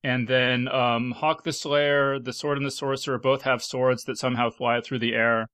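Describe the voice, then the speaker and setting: A man's voice: mid-range voice, little pitch movement, moderate pace, a bit bright, smooth, dry recording. A man hosting a casual panel podcast, chatty and full of fillers, laughing often as he talks. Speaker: podcast host.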